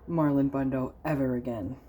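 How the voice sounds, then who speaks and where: A gentle, loving boy bunny from a storybook, his voice soft and lifted a little higher, as a woman reads him. He speaks sweetly and warmly. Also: fairly even intonation, moderate pace. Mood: tender.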